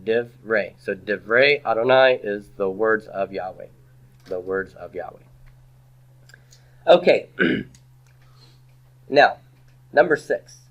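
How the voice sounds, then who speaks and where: A man's voice: lowish voice, lively intonation, slow, long pauses, muffled recording. A man teaching a classroom grammar lecture, quizzing his students with rhetorical questions and dropping playful asides.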